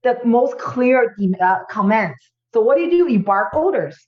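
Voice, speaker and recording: A woman chef as a guest in a casual interview, speaking in halting, non-native phrasing. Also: fairly high pitch, big pitch swings, echoey room, highs cut off.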